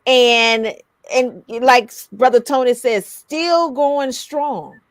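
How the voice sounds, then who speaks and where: A woman's voice: on the high side, drawn-out words, dry recording. A woman hosting a radio interview, asking winding, searching questions. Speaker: interview host.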